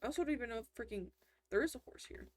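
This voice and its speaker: Her voice sits on the high side and comes out animated and rapid-fire. She's a gaming commentator who rambles chattily over her gameplay, frequently stopping partway through a sentence to interrupt herself.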